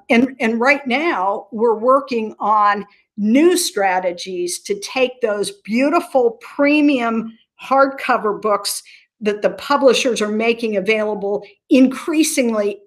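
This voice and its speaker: A woman from Southern Ohio, a nonprofit leader being interviewed, speaking earnestly and telling stories with frequent restarts. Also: a little high. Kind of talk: conversational interview.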